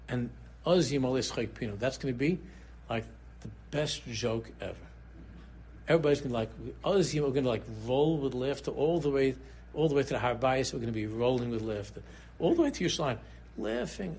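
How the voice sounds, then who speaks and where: Animated husky rabbi yeshiva English. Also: male voice, a little fast. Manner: animated storyteller, swings between low murmurs and sudden high exclaims. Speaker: rabbi giving a Torah class. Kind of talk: Purim shiur sermon.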